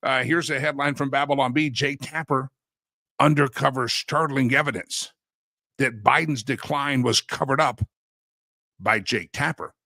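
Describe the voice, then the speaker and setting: Bright-voiced folksy male talk host. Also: medium pitch, steady tone, a little slow, creaky, no room sound. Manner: folksy, chatty, sing-song catchphrase. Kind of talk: casual monologue.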